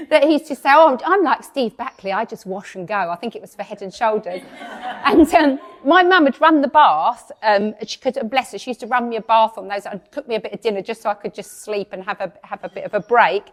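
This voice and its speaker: Woman, 50s, from England; event speaker, chatty and self-mocking, quick to laugh, slightly high voice. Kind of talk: personal speech to an audience.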